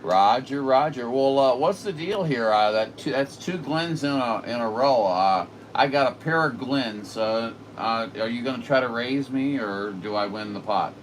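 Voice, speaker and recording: A man's voice: mid-range voice, normal speed, hardly any pauses. A man chatting casually as a radio operator, rambling and folksy with lots of fillers. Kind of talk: casual chat. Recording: distant mic with noisy room.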